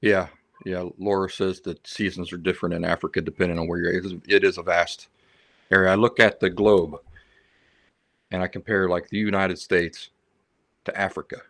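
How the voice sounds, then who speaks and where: Guy hosting a livestream, kinda low voice, dry close sound, just rambling and chatting with viewers. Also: little pitch movement, normal speed, a bit bright, no echo. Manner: rambling, chatty storytelling and reading out viewer comments. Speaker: livestream host. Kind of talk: casual livestream chat.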